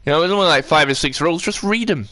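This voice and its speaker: A man's voice: fairly high pitch, quick pace, bright, forceful tone, no room sound. A man chatting on a live stream, rambling and ranting as he answers his chat.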